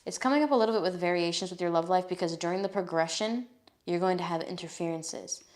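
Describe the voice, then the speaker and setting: A fast-talking tarot reader with a lowish voice conducts a live reading, speaking bluntly and casually and swearing without restraint. Her voice stays steady as she reads the card messages out loud.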